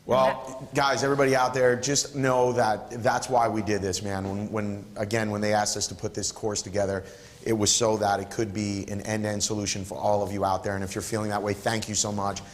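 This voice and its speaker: A man with a fairly low voice leads a live photography workshop in a studio. His delivery is emphatic and encouraging, with a playful streak, and a long reverb trails his words. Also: level tone, fairly quick, slight background noise.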